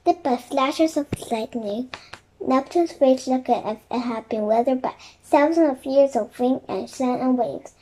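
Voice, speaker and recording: High-voiced woman reading a chapter book. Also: a little slow, warm tone, rough recording. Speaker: storybook reader.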